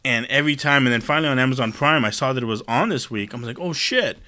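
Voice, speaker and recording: A man in his forties chatting casually, telling stories in an animated way, laughing often and swearing freely. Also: medium pitch, racing. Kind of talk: casual chat.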